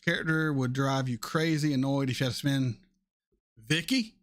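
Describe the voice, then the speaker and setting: A man in his thirties hosting a casual chat, answering viewer questions in a blunt, animated way and swearing freely. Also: medium pitch, brisk. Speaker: reaction channel host.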